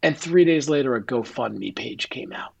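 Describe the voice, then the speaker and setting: A man with a husky, slightly breathy voice speaks as an interview guest, telling a personal story with real feeling. He often slips into quoted dialogue as he retells what others said. His pitch sits in an ordinary middle range. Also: animated, normal speed, darkish tone. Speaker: guest, author.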